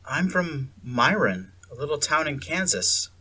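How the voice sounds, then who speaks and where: A man voicing a frightened kidnapped teenage girl who speaks in a hushed, scared whisper in a storybook reading. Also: fairly high pitch, big pitch swings, unhurried, breathy edge, exaggerated voice.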